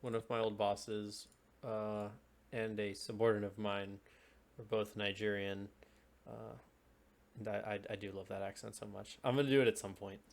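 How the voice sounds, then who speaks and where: A man's voice: fairly low pitch, little pitch movement, moderate pace, gravelly. A man running a tabletop game, chatting casually with his players and then narrating the scene. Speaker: game master.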